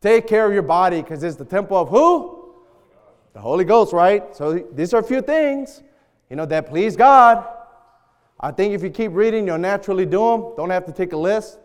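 A man preaching a sermon, bantering loudly with the congregation in call and response. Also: high-pitched, lively intonation, moderate pace, smooth. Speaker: pastor. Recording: long hall reverb.

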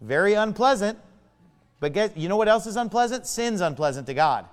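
A male pastor preaching with a high, animated voice that leaps up and down as he stresses words. He drags out key phrases and hammers his points, and a long hall reverb hangs behind each line. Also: fairly quick, soft background music. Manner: emphatic preaching, stretched words and sharp swings of pitch and volume. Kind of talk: sermon.

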